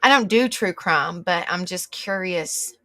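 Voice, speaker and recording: A woman's voice: fairly low pitch, a little slow, bright, forceful tone. A middle-aged woman, hosting a live stream and chatting casually with viewers, rambling and reacting aloud as she reads the chat. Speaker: livestream host.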